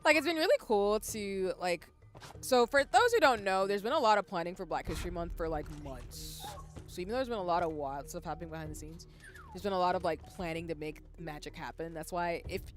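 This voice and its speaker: A young woman with a Southern US accent, streaming a game live, chatty, swearing and breaking into loud outbursts. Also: on the low side, animated, brisk, faint music behind. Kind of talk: live gaming stream chat.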